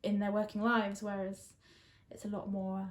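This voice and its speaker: An Englishwoman chats casually, laughing easily and stopping often for ums and restarts. Her voice sits in a middle pitch range. It is recorded in a roomy space with audible echo. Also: completely flat delivery, moderate pace. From England. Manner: chatty, laughs often, many fillers. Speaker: guest. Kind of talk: casual chat.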